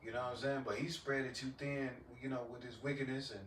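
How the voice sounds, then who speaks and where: A man's voice: mid-range voice, fairly even intonation, fast, fairly bright tone, recorded from a distance. A man chatting on a live stream, affirming the others often and adding his own points. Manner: affirming, many "mm-hmm" and "absolutely". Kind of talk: casual talk on a live stream. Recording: echoey room, voice off-mic, faint noise.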